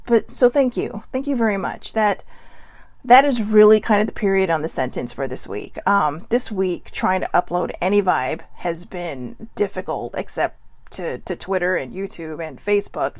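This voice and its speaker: A woman talks straight into a close, dry mic in a loose, rambling pep-talk style. Her throat sounds scratchy and she keeps clearing it. She is full of "you know"s and casual swearing. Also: mid-range voice, normal speed, no room sound. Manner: chatty and rambling, swears freely, many "you know" fillers. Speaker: vlogger hosting a daily live video.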